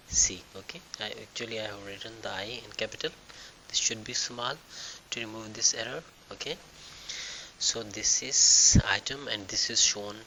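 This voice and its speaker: Bright-voiced man teaching a software tutorial. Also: lowish voice, slight background noise, low-quality recording. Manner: halting, thinking aloud with fillers and restarts. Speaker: tutorial instructor. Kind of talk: screen-recorded software tutorial.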